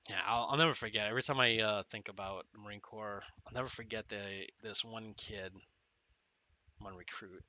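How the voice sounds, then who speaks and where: Rambling ex-Marine gamer in his forties, very sharp forceful voice, dry close sound, laughs through his war stories. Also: lowish voice, fairly even intonation, moderate pace, no room sound. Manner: rambling storytelling, often laughing, filler-heavy. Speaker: gameplay commentator and former Marine. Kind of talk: casual commentary while playing.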